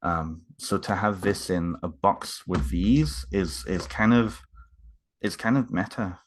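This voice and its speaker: A man unboxing books in a casual home vlog, talking haltingly with many fillers and restarts, moved and emotional. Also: deep voice, a little hiss or hum.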